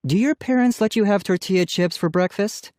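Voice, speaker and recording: A man voicing a patient mother for a storybook, lifted somewhat above his own pitch, speaking calmly but firmly. The delivery is close and dry. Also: brisk, no echo, natural voice. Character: patient middle-aged mother, gently scolding. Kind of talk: audiobook character voice.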